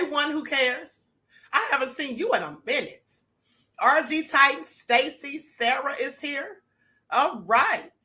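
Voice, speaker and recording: A sassy woman hosts a live stream from home, greeting viewers by name and teasing her critics. Her voice sits high and sounds bright and sharp, with a slight hoarseness. She talks in a gossipy, playful way straight into her mic. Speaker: host of a live-streamed talk show. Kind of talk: livestream chat with viewer shout-outs.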